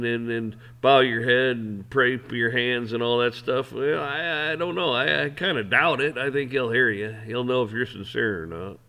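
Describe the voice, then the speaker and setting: A man's voice: mid-range voice, sharp tone. A man hosting an opinion show, ranting in a blunt, heated, profane way. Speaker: host. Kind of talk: opinion rant.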